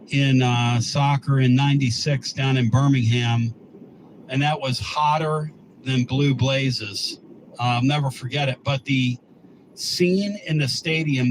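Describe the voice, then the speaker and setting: Man hosting sports talk radio, emphatic and blunt, mid-pitched, faint noise behind.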